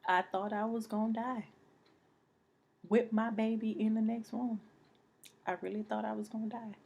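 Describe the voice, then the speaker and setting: A young woman telling a personal story to camera, halting and emotional, repeating herself and sometimes dropping to a near whisper. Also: a little high, level tone, vocal fry, darkish tone, husky, lo-fi sound. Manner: repeats phrases, many restarts.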